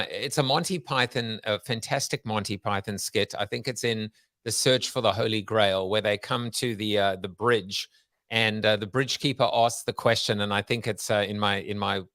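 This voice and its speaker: A man's voice: on the low side, moderate pace, fairly bright tone, dry recording, clean studio sound. A man hosting a live interview, talking in a rambling way and repeating words as he gets going. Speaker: podcast host.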